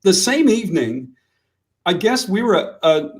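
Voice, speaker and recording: A man's voice: sits high, big pitch swings, normal speed, low-quality recording. A man telling a story in casual chat, blunt and brash, swearing freely, on a video call. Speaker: comic book writer.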